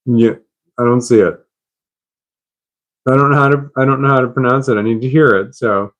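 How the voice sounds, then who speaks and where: A man's voice: mid-range voice, fairly even intonation, normal speed. A man chatting on a live stream, puzzled and rambling, laughing at himself.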